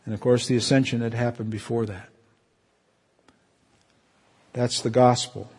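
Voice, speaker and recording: A man preaching a sermon as pastor, fervent and emotional, with his voice climbing high at moments of feeling. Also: little pitch movement, a little slow, long pauses, a little mellow, breathy edge.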